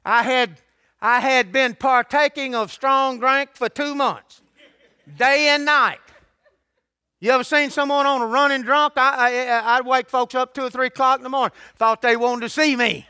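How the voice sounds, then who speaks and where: A man's voice: very high voice, fairly even intonation, normal speed, sharp tone, clear, resonant tone, no room sound, clean studio sound. An older man preaching a sermon, telling his testimony in a folksy, colloquial way. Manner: folksy storytelling with colloquial grammar.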